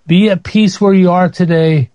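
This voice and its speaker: Warm-voiced man preaching a sermon. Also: steady tone, moderate pace, no echo, lo-fi sound. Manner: emotional testimony, voice rising high when pleading.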